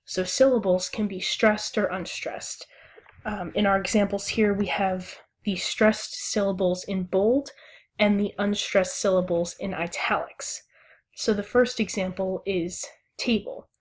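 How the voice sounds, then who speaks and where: Young woman teacher, kinda breathy voice, slow and careful, sounds out syllables. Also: medium pitch, steady tone. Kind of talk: classroom lesson recording.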